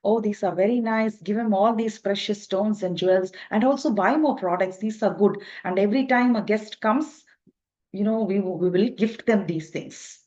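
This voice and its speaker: A woman voicing a male king who speaks softly and graciously, on a dull lo-fi recording. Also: medium pitch, normal speed, natural voice. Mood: generous. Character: pleased, remorseful male king.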